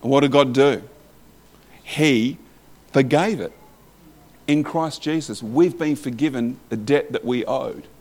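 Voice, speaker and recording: A man's voice: mid-range voice, measured pace, long pauses, a little mellow. A man preaching a sermon in a conversational way, reading scripture aloud and asking the listeners questions.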